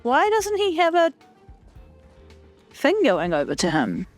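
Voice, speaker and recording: A woman's voice: sits high, huge pitch swings, takes it slowly, faint music behind. A young woman casually commenting on a video game she plays, chatty and profane with a self-mocking streak. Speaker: gaming channel host. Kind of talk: casual let's play commentary.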